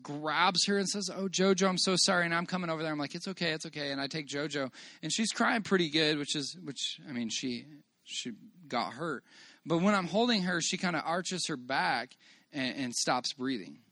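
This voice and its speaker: A man telling a personal church testimony to a congregation in a church meeting room, earnest and halting as he restarts phrases and praises God. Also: on the high side, lively intonation, bright, forceful tone, dry recording. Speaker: father giving a church testimony.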